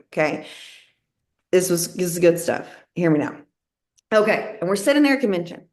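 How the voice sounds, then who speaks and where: A woman giving a lively motivational talk to her sales team, folksy and high-energy, often acting out what people say. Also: moderate pace. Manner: high-energy, folksy, acts out quoted voices. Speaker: network marketing team leader.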